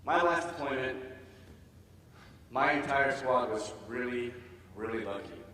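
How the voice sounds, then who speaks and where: A man, a military veteran, telling his own story on stage in an animated way, acting out the dialogue. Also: medium pitch, a little slow. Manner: animated, acts out quoted dialogue. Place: stage in a large hall. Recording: echoey hall, voice from far off.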